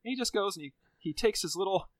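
A man's voice: high voice, animated, quick pace, dry recording. A man telling a crude comic story on a podcast, rambling and profane, full of "like". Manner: rambling, heavy on filler "like", profane.

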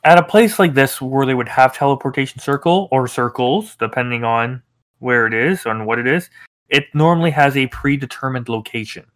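A man running a tabletop game as game master, narrating with halting pauses and fillers. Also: medium pitch, fairly bright tone.

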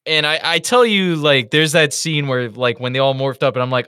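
A man co-hosting a casual review podcast, telling stories in an animated, profane way. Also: mid-range voice, normal speed, clean tone, no echo, clean studio sound. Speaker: podcast co-host.

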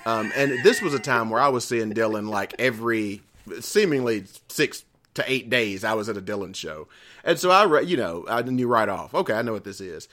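A man's voice: mid-range voice, expressive, normal speed, a bit bright. A man, telling stories in a casual podcast chat, rambling, swearing freely and laughing often. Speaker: podcast co-host.

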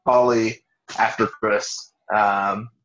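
A man's voice: lowish voice, drawn-out words, highs cut off, soft background music. A man casually recapping a TV episode in a podcast, swearing freely and acting out quotes. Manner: relaxed, profane, acts out quotes in bursts. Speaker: podcast host. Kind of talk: casual chat recapping a TV show.

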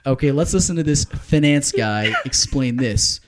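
Against a noisy background, a man with a New Jersey accent and a mid-range voice chats casually at normal speed. A leader of a family retail business, he's animated and playfully skeptical about investing, talking over others.

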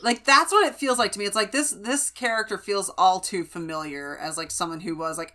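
Bright-voiced woman chatting about a book. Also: mid-range voice, expressive, brisk, hardly any pauses. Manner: chatty, many fillers, reacts with opinions. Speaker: podcast co-host. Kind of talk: casual book podcast chat.

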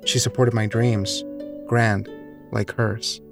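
A man reading a short story aloud in a measured, wry storytelling manner. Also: fairly low pitch, level tone, creaky, music in the background. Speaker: narrator. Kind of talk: scripted narration of a short story.

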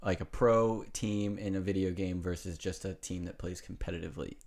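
A young man with a somewhat low voice co-hosts a casual podcast. He is chatty and incredulous, throwing out questions and opinions. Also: fairly even intonation, a little fast, creaky, a little mellow. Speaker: podcast co-host. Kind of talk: casual chat.

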